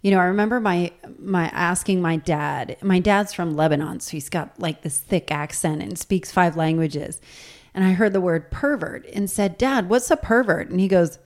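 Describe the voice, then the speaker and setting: A woman hosting a podcast, telling stories in lively casual chat and acting out quotes. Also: on the low side, normal speed. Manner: lively storyteller, acts out quotes. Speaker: podcast host.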